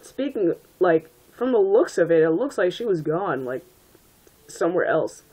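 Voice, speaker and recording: A woman reads a fan story aloud and keeps interrupting herself with sarcastic, exasperated asides. Her voice sits a bit low for a woman. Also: big pitch swings, moderate pace, darkish tone, husky, rough recording. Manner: sarcastic asides, frequent laughter. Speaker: reader and commentator. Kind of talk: mocking reading of bad fan fiction.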